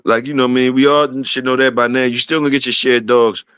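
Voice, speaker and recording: Bright-voiced man hosting a casual livestream. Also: mid-range voice, fairly even intonation, fast talker, smooth, dry recording, clean studio sound. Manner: shouts out viewers, repeats phrases. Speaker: livestream host.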